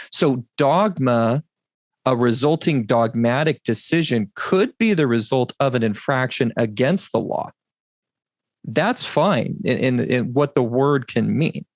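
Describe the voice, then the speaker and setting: A man hosts a Bible teaching podcast, laying out his points slowly and stressing key words. His voice is mid-pitched, and it sounds dry and close on the mic. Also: creaky, a little mellow, no echo. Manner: deliberate, emphatic, explanatory. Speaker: podcast host.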